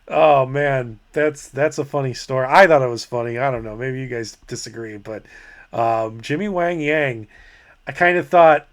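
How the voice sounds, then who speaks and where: A man's voice: mid-range voice, fairly even intonation, moderate pace. Man musing to viewers, chuckling. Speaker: channel host. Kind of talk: casual reaction commentary.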